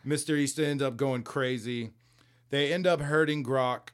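A man's voice: medium pitch, fairly even intonation, a little slow, clear, resonant tone. A man in a mid-range voice chats his way through a comic recap on a podcast. He rambles and swears freely, and often breaks into laughter as he retells scenes. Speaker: podcast co-host. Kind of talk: casual chat recapping a comic book.

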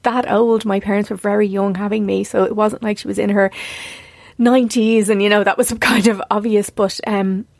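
Gravelly woman in her forties, candid podcast host. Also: mid-range voice, little pitch movement, moderate pace, darkish tone, no echo, studio quality. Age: 40s. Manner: earnest, confessional, easily emotional. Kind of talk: reflective podcast monologue.

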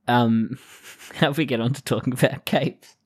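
A man's voice: medium pitch, unhurried, husky. A man co-hosting a podcast, chatting loosely and laughing, with trailing sentences and casual swearing. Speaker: podcast co-host. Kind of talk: casual chat about anime.

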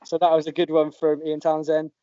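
A man's voice: on the high side, monotone, a little fast, dark tone, no room sound. A man hosting a podcast, chatting casually and laughing often as he reads out listeners' joke entries. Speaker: podcast host. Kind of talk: casual chat. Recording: dull lo-fi podcast audio.

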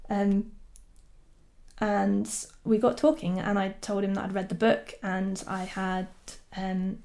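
A woman's voice: medium pitch, little pitch movement, slow pace, vocal fry, dark tone. A woman, a documentary filmmaker, telling a story casually with many fillers and frequent laughs.

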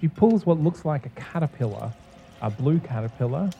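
A man narrating a tabletop game as game master, relaxed and descriptive. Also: fairly high pitch, normal speed, vocal fry, highs cut off, slight background noise.

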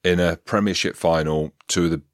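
Very deep-voiced host, blunt and sweary. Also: male voice, steady tone, a little fast, no echo, studio quality. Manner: blunt, swears casually, playful teasing. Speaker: podcast host. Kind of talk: casual chat while watching match footage.

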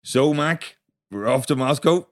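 Lively man co-hosting. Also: mid-range voice, unhurried. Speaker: podcast co-host. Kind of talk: casual chat.

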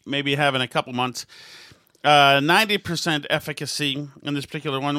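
A man's voice: on the high side, steady tone, a little fast, sharp tone, smooth, dry recording, clean studio sound. A middle-aged man hosting a talk show, riffing in a mocking, rambling way on the news. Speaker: show host. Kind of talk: sarcastic political commentary chat.

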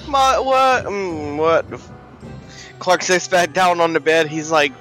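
A man's voice: a little high, takes it slowly, fairly bright tone, faint music behind. Swearing, incredulous man at the game table. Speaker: player. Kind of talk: tabletop role-play, narrating his character.

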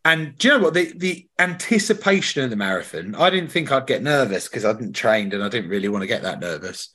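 A man's voice: medium pitch, very animated, a little fast, fairly bright tone, breathy edge. A man hosting a podcast, chatting casually and telling slangy, swear-laced stories. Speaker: podcast host. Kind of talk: casual chat.

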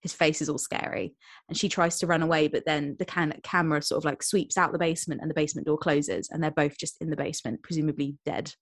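A young woman co-hosting a podcast in casual chat, retelling plots with quick quoted voices. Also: low voice, steady tone, no room sound. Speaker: podcast co-host.

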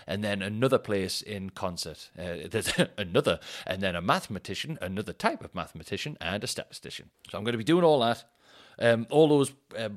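A man's voice: fairly low pitch, a bit bright. A man, a stand-up comedian and podcast host, telling rambling, sweary stories and laughing at himself. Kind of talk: casual comic storytelling.

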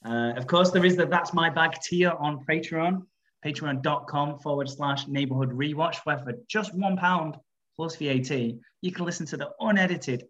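A man's voice: on the high side, normal speed, a bit bright, highs cut off. A man hosting a rewatch podcast, chatting casually with frequent fillers and laughs. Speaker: podcast host.

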